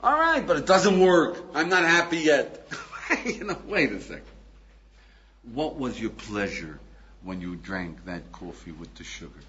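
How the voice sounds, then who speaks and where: An older man, a rabbi, giving a lively lecture, acting out little scenes and asking his listeners questions. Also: mid-range voice, unhurried, muffled recording, a little hiss or hum. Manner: animated, acts out little scenes with voices, laughs, asks the audience. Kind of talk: recorded lecture.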